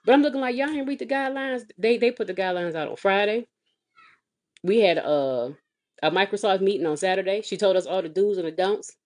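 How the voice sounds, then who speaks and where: A woman vlogging as a mother, telling a comedic, exasperated story with sassy, animated delivery and big swings in pitch. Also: a little fast. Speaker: mother of a kindergartner. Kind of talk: comedic storytelling vlog rant. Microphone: phone or webcam vlog.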